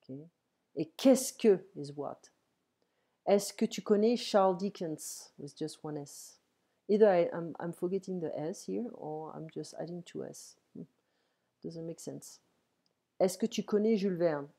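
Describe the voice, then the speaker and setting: A French-accented woman teaches French over an online call, pausing often to check understanding. Her voice sits low and sounds soft and mellow. She talks at home into a computer mic. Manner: explains slowly, switching between French and English, with frequent "ok". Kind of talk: casual one-on-one French lesson.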